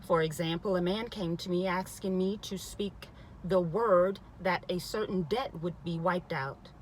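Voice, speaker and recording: A woman's voice: on the low side, measured pace, slight background noise, rough recording. Emphatic woman reading a spiritual book. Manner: emphatic, stops to repeat and comment. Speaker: reader.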